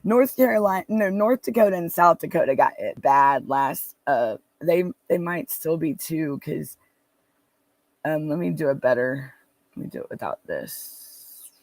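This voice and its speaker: A man's voice: a little high, expressive, unhurried, dry recording. Man, casual livestream host, rambling, dry close sound, sitting in a car. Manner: rambling, reads viewer comments aloud, many restarts. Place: parked car.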